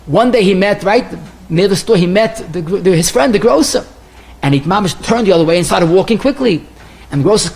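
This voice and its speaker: A rabbi with a high-pitched male voice gives a lecture sermon. He tells stories animatedly, his voice rising and falling and his pace speeding up and slowing down. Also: creaky. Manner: animated storyteller, swinging pitch and pace widely. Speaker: rabbi giving a Torah lecture.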